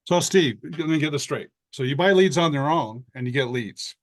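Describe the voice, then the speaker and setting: A man's voice: a little high, animated, moderate pace. Eager man chiming in on a video call. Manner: eager, chimes in to restate and sum up points. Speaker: team leader and co-presenter. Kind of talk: casual sales chat.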